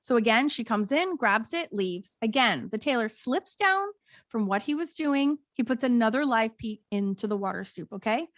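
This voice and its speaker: High-voiced American woman telling a folk tale. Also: moderate pace, dry recording. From United States. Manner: animated storyteller, reads out old tale with put-on voices. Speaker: podcast co-host. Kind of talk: casual chat, retelling a folk tale.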